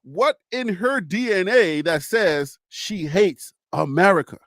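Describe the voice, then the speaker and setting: A man's voice: high voice, expressive, takes it slowly, a bit bright, no room sound, studio quality. A man hosting casual political talk, chatty, often laughing and repeating phrases as he thinks aloud. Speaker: political commentary host.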